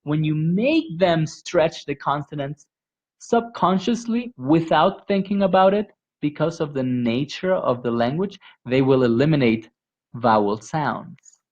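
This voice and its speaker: A man leading a pronunciation workshop, modeling sounds by stretching them out slowly and repeating them. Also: fairly high pitch, highs cut off. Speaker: pronunciation instructor. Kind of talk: teaching a live workshop.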